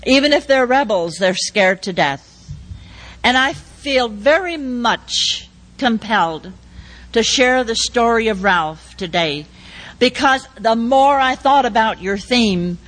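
An older woman giving a speech, telling a personal story and acting out the dialogue in a measured way. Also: a little high, rough recording. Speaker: speaker.

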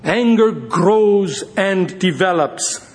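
A man leading a Bible study in an animated, joking storytelling manner. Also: high-pitched, very slow. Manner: animated, jokey, addresses listeners as guys. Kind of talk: informal sermon with storytelling.

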